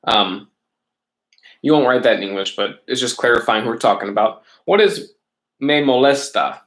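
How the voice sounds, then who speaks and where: A man's voice: medium pitch, lively intonation, moderate pace, a bit bright. A male teacher explaining worksheet examples step by step in a casual online class, often checking in with "right?". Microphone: laptop or webcam mic.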